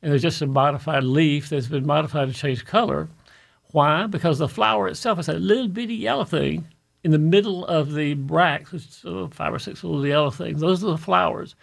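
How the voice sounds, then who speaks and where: A man hosts a radio garden show. He tells stories in a folksy way and puts on the voices of the people in them. His voice is gravelly and sits a little high for a man. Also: steady tone, fairly quick. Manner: folksy storyteller, acts out quoted people. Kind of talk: radio talk show chat.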